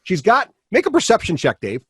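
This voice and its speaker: A man's voice: sits high, huge pitch swings, fairly quick, breathy edge, no room sound. A man running a tabletop game as game master, rambling with many fillers and restarts.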